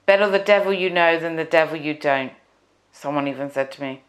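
A woman's voice: deep voice, fairly quick. A woman coach telling a personal story in a confessional monologue, drawing out key words unhurriedly. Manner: confessional, recounting her own negative thoughts. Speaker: relationship coach.

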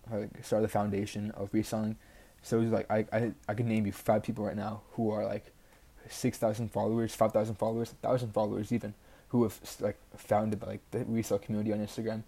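Flat-voiced teenage boy ranting. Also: lowish voice, gravelly. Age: teens. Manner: rambling, heavy use of "like", frustrated and blunt. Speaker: podcast host. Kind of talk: casual solo podcast rant.

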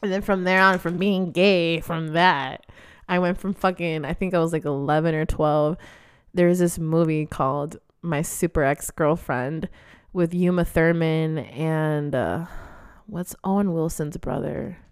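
A woman's voice: deep voice, a little slow, smooth, no room sound, clean studio sound. A woman in her twenties telling candid stories in a casual monologue. She swears freely and laughs often. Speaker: vlogger.

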